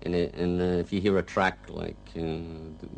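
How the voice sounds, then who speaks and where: Man, rock guitarist, very deep gravelly voice, rambling interview talk. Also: level tone, loud music behind the voice, poor audio. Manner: rambling and halting, full of "you know". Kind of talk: casual interview reminiscence.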